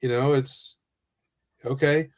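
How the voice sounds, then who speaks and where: A man hosting a podcast, himself a retired police officer, speaking in a measured, reflective way. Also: mid-range voice, fairly even intonation. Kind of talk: candid podcast conversation.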